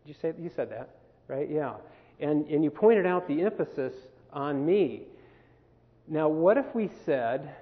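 A man's voice: on the high side, expressive, a little slow. A man presenting a workshop on communication to a camp group, talking conversationally and asking the group questions. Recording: phone-quality recording in a reverberant hall.

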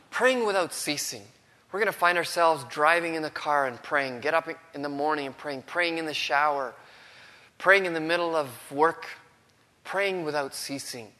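Bright-voiced man preaching in a reverberant hall. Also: on the high side, a little fast. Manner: earnest, drops to a hush for quoted words. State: has a cold, throat strained. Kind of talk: sermon.

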